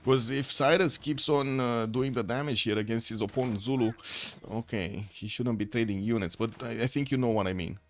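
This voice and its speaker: A man's voice: medium pitch, brisk. Man casting a strategy game live. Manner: thinking aloud with frequent fillers and restarts. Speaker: esports caster.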